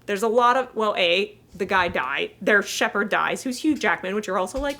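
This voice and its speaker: A woman's voice: mid-range voice, expressive, normal speed, vocal fry, fairly bright tone, slight background noise. A woman co-hosting a podcast, chatting casually and emotionally about a movie she watched, laughing often and getting worked up. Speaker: podcast co-host. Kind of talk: casual movie review chat.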